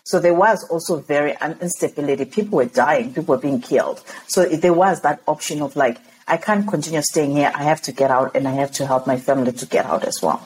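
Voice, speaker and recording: A woman from Zimbabwe, a podcast guest, telling her story in an animated way and laughing often. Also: low voice, a little fast, few pauses, a little hiss or hum, rough recording.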